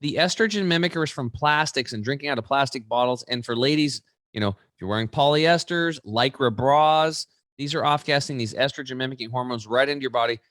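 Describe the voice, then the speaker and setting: A man in his forties, a guest in an interview, telling stories in an animated, emphatic way. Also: mid-range voice, a little fast, hardly any pauses, no echo, studio quality. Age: 40s.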